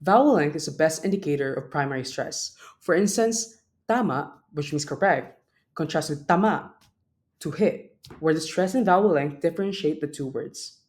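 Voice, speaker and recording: A man's voice: on the high side, normal speed, darkish tone. A young man, a student presenter, reading a prepared class presentation and stopping to sound out example words. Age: young adult.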